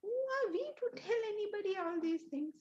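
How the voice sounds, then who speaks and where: A woman with an Indian accent teaching Vedanta to students, animated and scolding, full of rhetorical questions. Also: very high-pitched, normal speed, muffled recording. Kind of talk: lecture to students.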